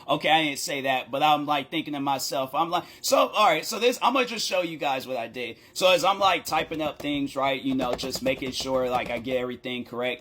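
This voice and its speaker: A man tells a rambling story time vlog in a slightly high, bright, forward voice. He talks casually and with lots of energy, laughing often and slipping into acted-out quotes as he goes. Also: husky. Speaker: content creator.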